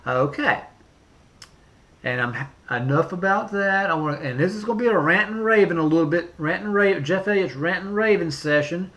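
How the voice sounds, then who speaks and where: A man's voice: sits high, moderate pace, fairly bright tone. Emphatic man ranting. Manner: emphatic, repetitive, with many fillers and restarts. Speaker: vlogger. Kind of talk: political rant to camera.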